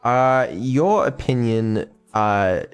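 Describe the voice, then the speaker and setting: A man's voice: medium pitch, extremely slow, smooth. A man chatting casually on a stream, rambling and offhand with lots of ums and casual swearing. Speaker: streamer and developer.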